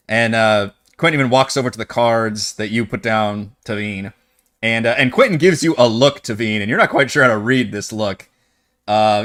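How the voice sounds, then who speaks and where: Animated male game master narrating. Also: fairly low pitch. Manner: animated, loose, many fillers.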